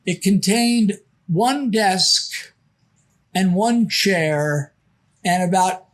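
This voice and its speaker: A man's voice: high-pitched, drawn-out words. An older man telling a rambling anecdote on a podcast, full of false starts. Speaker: podcast guest. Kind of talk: casual anecdote.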